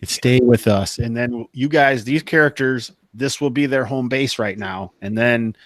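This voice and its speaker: A man runs a tabletop game and keeps prodding his players toward a decision. His voice is mid-pitched, and the dry close mic catches it with no room sound. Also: moderate pace, fairly bright tone, no echo. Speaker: game master.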